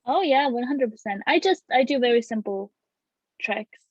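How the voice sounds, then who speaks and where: Woman comedian guest, fairly high voice, muffled dry sound, chatty and giggly. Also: lively intonation, moderate pace, breathy edge, dry recording. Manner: laughing often, storytelling. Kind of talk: casual chat.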